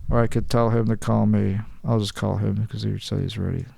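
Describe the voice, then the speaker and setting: A man's voice: fairly low pitch, fairly even intonation, brisk, vocal fry, warm tone, no room sound. A young man hosting a podcast, reading an article aloud and joking around in a rambling, casual way, often saying "dude". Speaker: podcast host.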